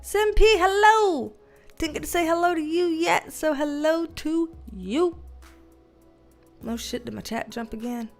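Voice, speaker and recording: A woman's voice: high-pitched, a little slow, gravelly, soft background music. A woman with a Southern US accent, hosting a casual livestream and chatting loosely as she reads viewer comments aloud, laughing often. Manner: chatty, loose and colloquial with mild swearing. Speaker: livestream host and tarot reader.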